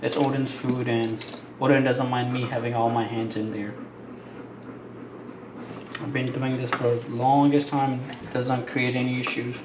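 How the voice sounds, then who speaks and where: A man talks in an easy, informal way, walking through each step in his home kitchen. His voice sits at an ordinary pitch. The room is echoey, with clear household noise behind him. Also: little pitch movement, a little slow, pauses often. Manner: chatty, informal, explains step by step. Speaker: dog owner and trainer. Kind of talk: casual home cooking vlog. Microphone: camera held by a helper.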